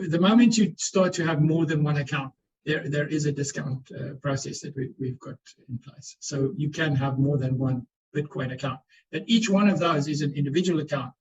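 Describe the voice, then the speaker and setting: A man's voice: a little high, moderate pace, highs cut off. A man speaking as a panellist on a webinar, answering questions earnestly and often repeating words as he restarts. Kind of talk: explanatory webinar talk. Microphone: video call.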